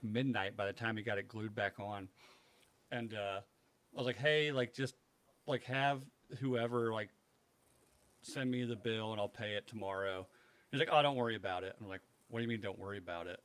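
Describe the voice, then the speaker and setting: Casual, profane male podcast storyteller. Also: fairly low pitch. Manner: profane, animated anecdote telling with acted quotes. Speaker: podcast co-host.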